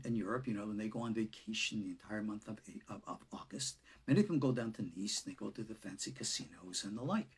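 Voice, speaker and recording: Lively, husky-voiced rabbi teaching. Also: male voice, mid-range voice. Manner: expressive, swings between loud and soft, chuckles. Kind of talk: unscripted lecture.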